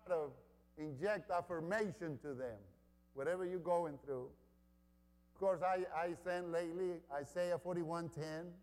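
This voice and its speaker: Slow, emphatic preacher in a reverberant hall. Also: male voice, high voice. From Honduras. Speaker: pastor. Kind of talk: sermon.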